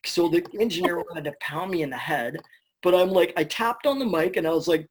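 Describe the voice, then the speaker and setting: A man, a voice actor, telling stories in a casual interview, chatty and animated, swearing now and then. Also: high-pitched, quick pace, husky. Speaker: voice actor guest.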